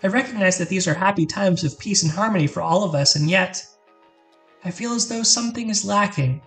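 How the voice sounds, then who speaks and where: A gentle, formal young woman from a video game speaks in courteous, measured phrasing, as a woman voices her. Her pitch sits in the middle, and she stays polite and wistful. Faint game music plays beneath her lines. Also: lightly acted.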